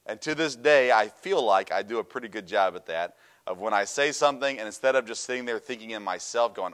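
Middle-aged guy preaching, lowish voice, gets loud then drops way down, tells stories and laughs. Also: brisk. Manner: animated, storytelling with laughs, swings from loud to quiet. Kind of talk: sermon.

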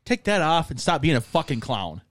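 Young Minnesotan podcast co-host, foul-mouthed and animated, dry close mic. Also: male voice, a little high, a little fast, no echo. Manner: crude, swearing, animated ranting. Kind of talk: casual chat.

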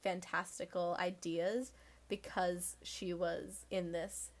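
A woman's voice: fairly low pitch, flat delivery, slow. A young woman co-hosting a podcast, chatting casually about a book with exasperated, sarcastic comments. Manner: exasperated, sarcastic, laughs often. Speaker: podcast co-host. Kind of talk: casual book-discussion chat.

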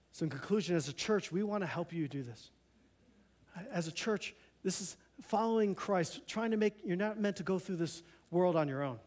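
A man's voice: fairly high pitch, darkish tone. A male pastor giving a sermon in a church, earnest and conversational, often restarting his sentences. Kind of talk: Christmas Eve sermon.

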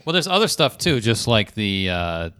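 A male podcast host with a slightly low voice, relaxed and a little halting as he talks. The mic is dry and close. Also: clean tone, no room sound. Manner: laid-back, hesitant restarts. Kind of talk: casual chat.

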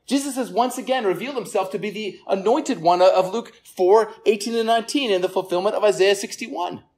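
Preaching to listeners in a church service room, this pastor speaks at a medium pitch and a slightly fast clip. He is earnest, repeats words frequently, and lowers his voice to stress key points.

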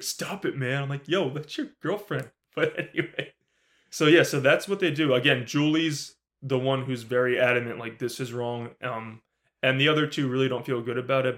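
A man co-hosting a podcast, recapping a horror film in casual, animated talk, swearing often and acting out the characters' lines. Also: medium pitch. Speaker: podcast co-host. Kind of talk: casual movie review recap.

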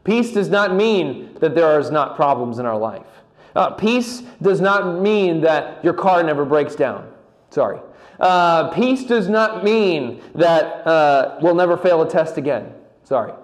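A man giving a sermon as pastor, often repeating words and restarting, slowing down on key phrases. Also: a little high, expressive.

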